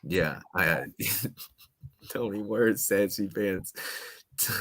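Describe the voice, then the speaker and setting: Deep-voiced playful male quiz host. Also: drawn-out words. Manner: playful, restless, jumps between loud and quiet. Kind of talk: casual quiz chat.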